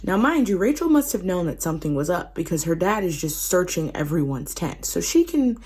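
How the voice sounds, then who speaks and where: A woman's voice: lowish voice, very animated, a little fast, over loud music. A woman casually retelling a Bible story in a slangy, conversational way. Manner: slangy, conversational, laughing asides. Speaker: host retelling Bible stories.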